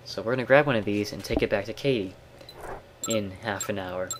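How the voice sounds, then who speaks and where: A man casually commenting on a video game as he plays, explaining in a relaxed way with wry asides. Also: on the low side, brisk, noisy background. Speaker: let's play commentator. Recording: game audio with gunfire mixed under voice. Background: clear game sounds and gunfire.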